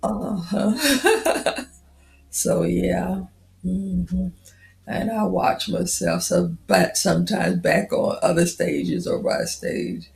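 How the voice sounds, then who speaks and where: A woman's voice: fairly low pitch, fairly even intonation, slow, creaky, darkish tone, reverberant, poor audio. A woman in her fifties chatting casually on a livestream, greeting viewers by name. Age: 50s. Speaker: livestream host.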